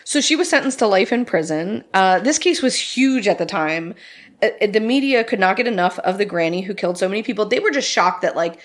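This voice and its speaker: Young adult woman, casual true-crime co-host, mid-pitched, salty and giggly. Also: animated, fairly quick. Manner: chatty, swears freely, laughs at own jokes. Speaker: podcast co-host telling a true-crime story.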